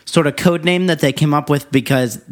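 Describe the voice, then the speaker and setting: A man co-hosting a podcast, recapping a movie in relaxed, casual chat with easy laughs and some swearing. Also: on the high side, a little fast. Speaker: podcast co-host.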